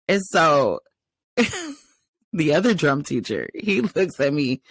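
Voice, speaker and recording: A woman's voice: deep voice, slow pace, long pauses, slightly rough, no echo. A woman co-hosting a podcast, telling a work story with laughs and acting out what others said. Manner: animated, retells a workplace story acting out others' lines. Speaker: podcast co-host. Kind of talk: casual storytelling chat. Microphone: podcast microphone.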